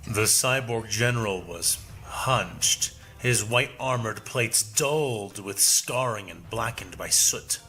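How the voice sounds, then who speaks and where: A man's voice: lowish voice, expressive, sharp tone. Man narrating a dramatic story. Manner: measured, dramatic reading. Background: music.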